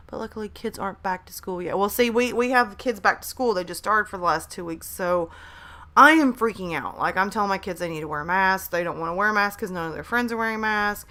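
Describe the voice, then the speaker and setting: Hyper, chatty mom streaming. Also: female voice, medium pitch, a bit bright. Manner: hyper and chatty, reading out chat messages. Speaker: live stream host. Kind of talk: casual live stream chat. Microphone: desk microphone at a laptop.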